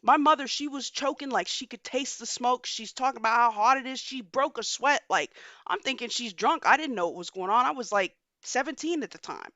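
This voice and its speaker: A young woman hosting a podcast, telling a story in a casual, animated way and cursing freely. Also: on the high side, brisk, hardly any pauses, no echo, dull audio. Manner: animated, profane storytelling with slang. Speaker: podcast host.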